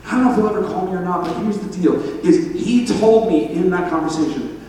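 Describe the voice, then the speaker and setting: A man preaching a sermon, telling stories with laughter and animated asides. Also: high-pitched, a little fast, slight background noise. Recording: echoey hall from far off.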